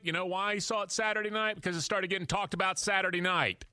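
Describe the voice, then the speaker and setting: A man's voice: sits high, a little fast, bright, forceful tone, no echo, studio quality. A man hosting a sports talk show, talking emphatically and firing rhetorical questions at listeners and his co-host. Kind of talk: animated sports radio talk.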